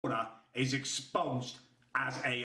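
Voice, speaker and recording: A man's voice: mid-range voice, fairly even intonation, slow, bright, forceful tone, far from the mic. A man talking to the camera as a YouTuber, sarcastic and exasperated in his indignant commentary. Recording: roomy echo.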